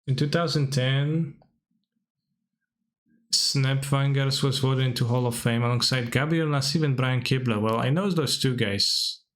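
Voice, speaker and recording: A man's voice: mid-range voice, measured pace, a bit bright. A man giving casual stream commentary while reacting to old videos, chatty and wry, laughing often and talking loosely with many filler words.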